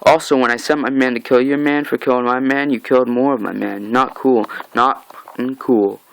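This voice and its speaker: A man's voice: medium pitch, steady tone, moderate pace, vocal fry, lightly acted, poor audio. A man voicing a profane, taunting male gang leader, with a mocking, sing-song menace while reading a comic aloud.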